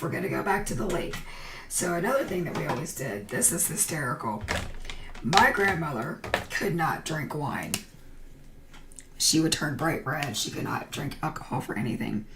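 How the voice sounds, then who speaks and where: Middle-aged woman host, lively and rambling, coloring alone at her computer. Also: deep voice, vocal fry, noisy background. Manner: rambling storytelling with tangents. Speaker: crafting livestream host. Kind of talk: casual chat while coloring.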